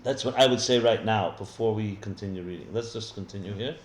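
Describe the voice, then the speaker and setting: A man's voice: on the low side, fairly quick, a little hiss or hum. A man teaching as a rabbi in a live text study class, explaining as he goes and often restarting his sentences. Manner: thinks aloud with many restarts, explanatory. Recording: echoey room with faint ambience.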